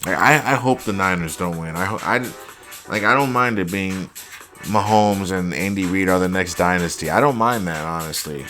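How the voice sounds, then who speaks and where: A young man hosting a casual football highlights reaction, exasperated and profane, saying "like" constantly. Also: moderate pace, pushed and bright, faint music behind. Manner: exasperated, profane, heavy use of "like". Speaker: host.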